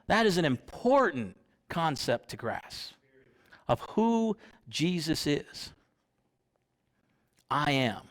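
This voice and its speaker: A man's voice: fairly high pitch, very animated, slow pace, pauses often. A young man preaching a sermon in church, conversational, often asking the congregation questions.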